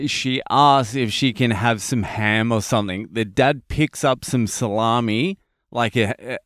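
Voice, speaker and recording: An Australian man hosting a podcast, telling a story in a casual, animated and heavily profane comic monologue. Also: mid-range voice, clean tone, no echo, studio quality. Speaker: podcast host, comedian.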